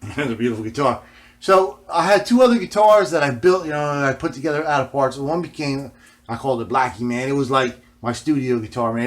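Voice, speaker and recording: A man vlogging in a casual, rambling way, swearing often and ending nearly every phrase with "man". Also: mid-range voice. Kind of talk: casual rambling vlog talk.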